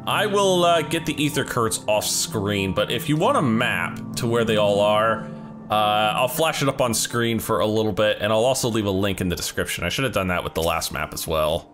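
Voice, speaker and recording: A man hosting a let's play, chatting excitedly while he plays. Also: fairly low pitch, normal speed. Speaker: gaming channel host. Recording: game music behind.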